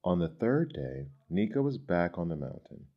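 A man reading children's stories aloud in a gentle, measured, expressive way. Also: low voice. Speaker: storyteller. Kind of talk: storybook reading. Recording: dull lo-fi recording.

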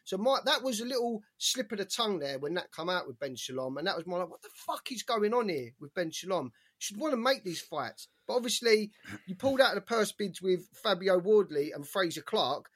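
A man's voice: high-pitched, lively intonation, brisk, a bit bright. Man ranting, swearing freely. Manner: heated ranting, heavy swearing. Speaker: podcast co-host. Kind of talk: casual sports chat.

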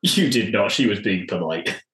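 A man's voice: on the low side, lively intonation, normal speed, a bit bright, echoey room, low-quality recording. A man co-hosting a podcast, teasing the others and laughing often. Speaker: podcast co-host. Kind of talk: casual chat.

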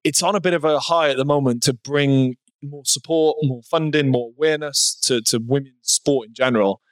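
A man's voice: on the high side, brisk, dry recording. A man hosting a podcast, asking long rambling questions that he restarts as he goes. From Wales. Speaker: podcast host. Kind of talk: casual podcast chat.

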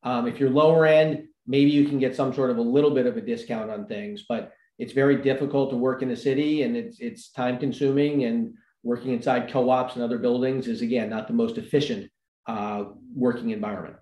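Halting contractor man in an echoey room. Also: mid-range voice, fairly even intonation, dark tone. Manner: measured, halting with restarts, dry sarcasm. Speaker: building contractor. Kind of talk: casual panel conversation.

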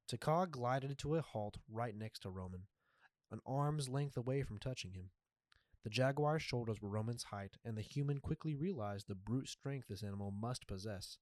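Man, story narration, measured reading, mid pitch, dry close recording. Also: a little mellow, no room sound.

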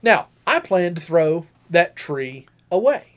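High-voiced man telling a story. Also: takes it slowly. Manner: animated storyteller, high-pitched voices for quoted women. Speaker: podcast co-host. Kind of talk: casual storytelling chat.

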